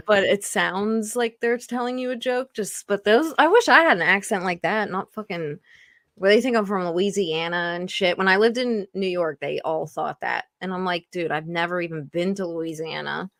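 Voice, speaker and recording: A woman's voice: medium pitch, moderate pace, a bit bright, no room sound, studio quality. A woman from Pittsburgh with a Pennsylvania accent, chatting casually as a podcast guest, full of "like" fillers and the odd swear. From Pittsburgh, USA. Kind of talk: casual chat.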